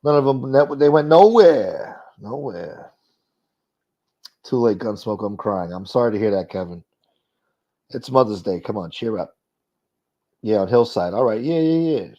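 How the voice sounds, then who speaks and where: Livestream host: low-pitched New man, rambling and foul-mouthed, on dull lo-fi audio. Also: lively intonation, moderate pace, long pauses, a little mellow. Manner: profane, rambling, reacting to viewer comments. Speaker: live stream host reading chat. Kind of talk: casual chat.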